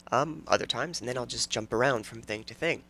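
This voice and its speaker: A man's voice: mid-range voice, brisk, pushed and bright, a little hiss or hum. A man in his thirties hosting a casual solo podcast, rambling, joking and often restarting his sentences. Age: 30s. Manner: rambling, self-interrupting and jokey. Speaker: podcast host.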